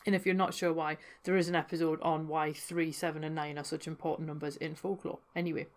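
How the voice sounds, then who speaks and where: Woman, podcast host, lowish voice, chatty folklore storytelling with dry asides. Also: level tone, quick pace. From North East England.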